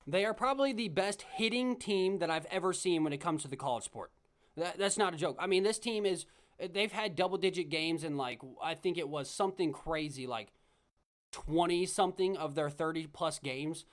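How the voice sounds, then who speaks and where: A man's voice: fairly high pitch, normal speed. A young man hosting his own podcast, talking sports solo in a chatty, rambling way with frequent restarts. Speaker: podcast host.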